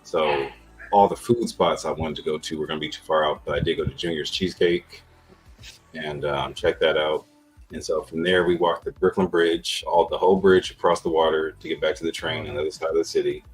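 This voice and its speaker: Very low male voice, laid-back podcast host, rambling profane storytelling. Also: steady tone, a little fast, faint music behind, rough recording. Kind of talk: casual storytelling.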